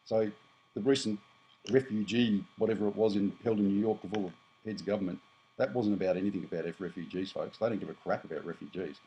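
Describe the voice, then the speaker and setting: A man's voice: fairly low pitch, quick pace, mellow, muffled recording, slight background noise. An Australian man in his fifties, talking bluntly and rambling as he vlogs to his viewers, often correcting himself. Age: 50s. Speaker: prepper vlogger. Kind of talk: casual monologue to camera.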